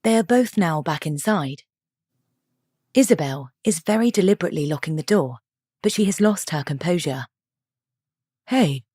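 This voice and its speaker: A woman reads a story aloud with steady, descriptive narration. Her voice sits low, and the recording is dry, with no room sound. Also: normal speed, breathy edge, dry recording.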